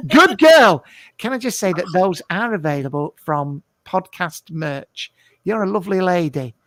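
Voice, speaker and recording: A man's voice: high voice, lively intonation, a little slow, no echo. A man playing a brash, camp middle-aged male TV psychic, blunt and rude, hosting a live show from a home garage. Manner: blunt, rude, mock-mystical, shouts greetings. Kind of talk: comic improvised live stream.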